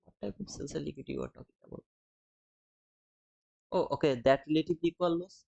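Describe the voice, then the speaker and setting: A man's voice: fairly high pitch, fast, gravelly, mellow, no room sound, muffled recording. A man hosting a live trading stream, reading viewers' comments aloud and answering them in a friendly, casual way, calling them brother and man.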